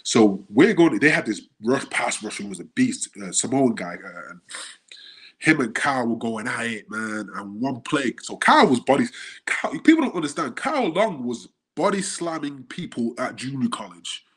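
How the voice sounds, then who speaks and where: A man from the UK, a guest on the show, telling animated stories in casual chat and acting out the quotes. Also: mid-range voice, moderate pace, breathy edge. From United Kingdom. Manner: animated storyteller, acts out quotes.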